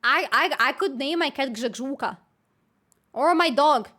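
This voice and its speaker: A young woman, chatting casually with her live stream viewers, playful and quick to break into squealing laughter. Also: sits high, sharp tone. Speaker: livestreamer.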